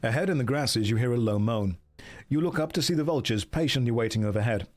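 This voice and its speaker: A man impersonating an older nature-documentary narrator, reading a gamebook in a low, measured, hushed voice. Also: lightly acted. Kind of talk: gamebook read-aloud.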